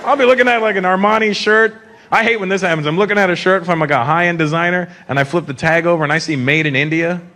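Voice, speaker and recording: A man in his fifties from Canada doing a stand-up comedy set in a large theater, animated and slipping into mocking put-on voices. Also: high voice, quick pace. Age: 50s. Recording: live show with crowd noise. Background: laughing audience.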